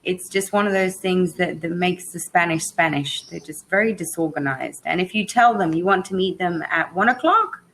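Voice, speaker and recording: A talkative woman whose British accent drifts toward Australian and South African vowels. She speaks in a casual, animated storytelling way and laughs easily. The sound is that of a simple video-call microphone. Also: fairly low pitch, moderate pace, few pauses, a little hiss or hum, poor audio. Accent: British blended with Australian and South African. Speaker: English tutor. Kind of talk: casual chat.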